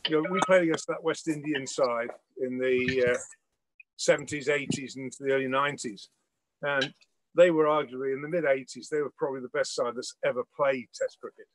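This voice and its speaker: A man's voice: mid-range voice, steady tone, a little fast, a little hiss or hum, low-quality recording. An older man hosting a casual cookalong, telling stories while he cooks. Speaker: celebrity cook host. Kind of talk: casual chat while cooking.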